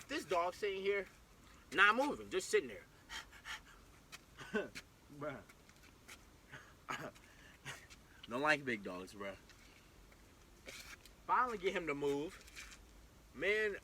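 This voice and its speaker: A young man telling a storytime vlog in an excitable, slangy way, acting out the scene as he goes. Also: high-pitched, a little hiss or hum. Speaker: vlogger. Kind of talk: animated storytime.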